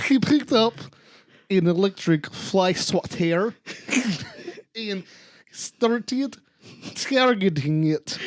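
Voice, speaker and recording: Guy doing a cheesy fake french accent, slow and giggly, dry sound. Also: high-pitched, lively intonation, dry recording, exaggerated voice. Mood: hammy. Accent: put-on French. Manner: giggles through the reading. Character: mock French man, hammy and stereotypical. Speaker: podcast co-host.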